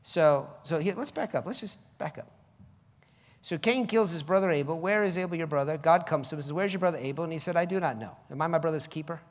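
A man preaching a sermon, reading scripture slowly and mimicking people in high voices. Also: long reverb tail.

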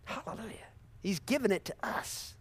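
High, animated male preacher. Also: moderate pace, husky. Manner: impassioned, repetitive, with sudden shouted praise and laughs. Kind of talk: sermon.

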